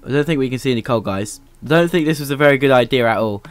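A young man rambles through casual gameplay commentary, dropping "uh" between nearly every phrase. His voice is smooth and clear at a middle pitch. The sound is dry and close to the mic. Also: racing, no echo, soft background music. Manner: rambling, many "uh" fillers, upbeat. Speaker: gaming channel host. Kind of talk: casual let's-play commentary.

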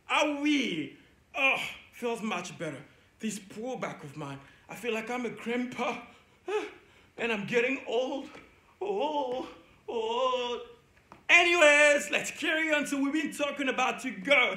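A man with a very high, bright, forceful voice leads a children's Bible lesson with playful energy. He coaxes young listeners into call-and-response chants. The sound rings around an echoey indoor room. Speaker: children's church teacher.

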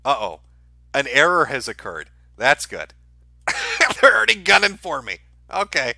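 A man's voice: mid-range voice, wildly swooping pitch, unhurried, vocal fry, sharp tone, no echo. A man hosting a live stream, ranting in a profane, heated way. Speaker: streamer host.

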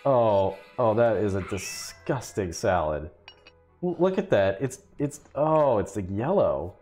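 A man's voice: on the low side, sing-song, slow pace, mellow, soft background music. Giggly man streaming a game. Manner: giggly, chatty, exclaims at the game. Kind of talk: casual gameplay commentary.

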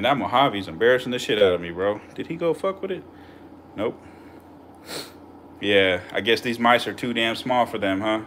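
A young adult man with a Californian accent, hosting a casual vlog with slangy, profane, excitable commentary and laughing asides to viewers. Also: lowish voice, slight background noise. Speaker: channel host feeding snakes.

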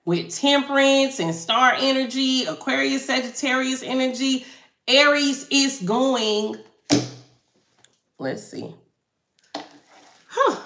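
A woman's voice: sits high, slow pace, pauses often, a bit bright, echoey room. A woman tarot reader hosting a live stream, chatting casually with viewers and reading out their comments, laughing easily.

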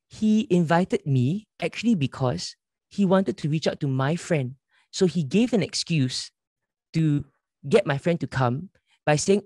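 A man with a fairly high-pitched voice leads a church workshop and tells stories with earnest conviction. He slips into the voices of the people in his anecdotes. His voice is recorded close and dry, with almost no room sound. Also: a little mellow, dry recording. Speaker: church leader giving a workshop. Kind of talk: conference workshop talk with storytelling.

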